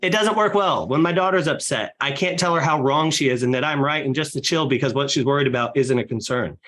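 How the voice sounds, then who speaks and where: A man guest on a podcast, talking fast and with energy about leading a sales team, often acting out how clients talk. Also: mid-range voice, fairly bright tone. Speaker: real estate team leader guest.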